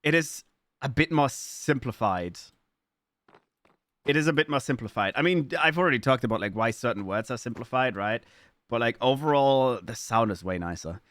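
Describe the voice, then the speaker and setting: A man's voice: medium pitch, animated, normal speed, long pauses, a bit bright, dry recording. A man from Germany with a German accent, chatting casually with his live-stream audience, playful and swearing freely as he riffs on chat messages.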